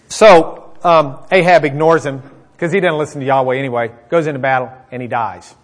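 A man preaching a sermon, retelling a Bible story in a lively way and acting out the characters' lines. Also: mid-range voice, a little fast.

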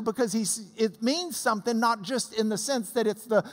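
A Bible study teacher giving a lively classroom lesson, chanting out rhythms to make a point. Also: medium pitch, a little fast, hardly any pauses. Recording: long reverb in a hall.

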